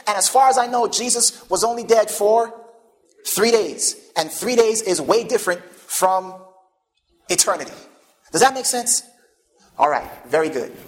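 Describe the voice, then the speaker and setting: A man preaching a sermon, pausing often to ask the congregation questions and leading them toward each answer. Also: very high voice. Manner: call-and-response questions to the congregation; animated, emphatic preaching.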